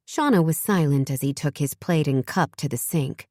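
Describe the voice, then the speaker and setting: Woman, audiobook narrator, measured storytelling, low pitch, dry studio sound. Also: darkish tone, no room sound. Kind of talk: scripted narration.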